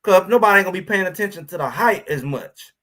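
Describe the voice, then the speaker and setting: A man's voice: sits high, lively intonation, quick pace, pushed and bright. A man hosting a live sports talk show, talking casually and animatedly about college football, slipping into quoted voices. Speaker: show host.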